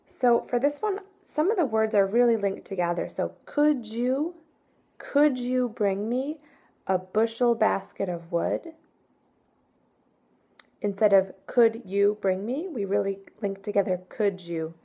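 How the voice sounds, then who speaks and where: Slow, mellow-voiced woman teaching pronunciation. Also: medium pitch, animated, vocal fry, slightly rough. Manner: careful, deliberate enunciation, repeating each word twice. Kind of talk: pronunciation lesson with slow model words and sentences.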